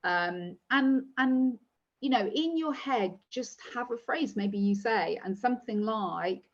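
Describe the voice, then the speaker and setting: Laughing woman giving gentle parenting tips. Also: a little high, expressive, slow. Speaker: podcast co-host. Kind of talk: casual chat. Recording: dull lo-fi sound.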